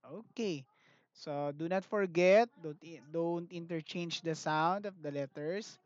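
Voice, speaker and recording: Slow-paced Filipino teacher, dull dry audio. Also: mid-range voice, no room sound. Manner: slow, clear, patient classroom delivery, mixing English and Tagalog. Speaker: grade one teacher. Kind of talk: online class lesson.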